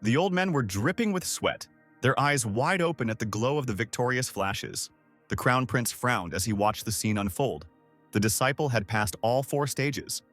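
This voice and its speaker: A man's voice: mid-range voice, a bit bright. A man narrating a story recap in a scripted, dramatic way. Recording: faint background music.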